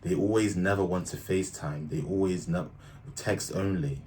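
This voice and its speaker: A young man with a very low voice reacts to clips in casual, slangy commentary. He talks bluntly and mocks what he sees, with a faint hiss of noise behind him. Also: moderate pace, a little mellow. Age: young adult. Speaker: reaction video host.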